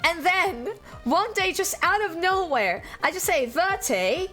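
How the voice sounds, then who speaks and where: A woman's voice: very high voice, animated, a little slow, pushed and bright. A young woman, not a native English speaker, chatting casually and giggling with her live chat as a streamer. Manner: chatty, giggly, many fillers and restarts. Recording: faint music behind.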